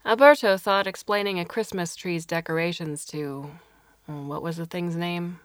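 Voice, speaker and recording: A woman narrates a story in a fairly low voice. Her reading is expressive, and she slips into voices for the characters. The sound is dry and close, with no room echo. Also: moderate pace. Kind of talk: audiobook narration.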